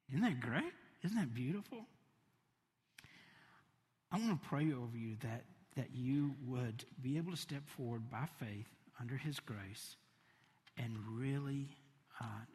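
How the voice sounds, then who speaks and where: A man preaching a sermon, animated, swinging between emphatic lines and hushed, soft ones. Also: mid-range voice, slow, long pauses, soft background music. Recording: long reverb of a large hall.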